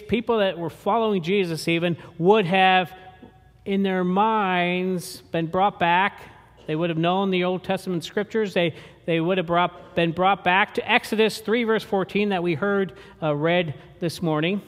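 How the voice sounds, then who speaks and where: A man preaching a sermon as pastor, slow and emphatic, with dramatic pauses. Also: high voice, fairly bright tone, big-room sound.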